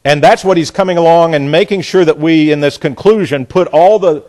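Teaching scripture one verse at a time, this middle-aged man is emphatic and deliberate, circling back over words as he reasons aloud. The tone leans slightly high and slightly mellow.

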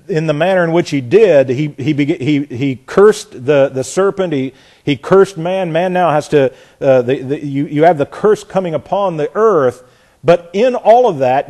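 A man's voice: on the high side, dark tone. A man preaching a sermon in a conversational way, often restarting his words and chuckling, and building in intensity as he goes.

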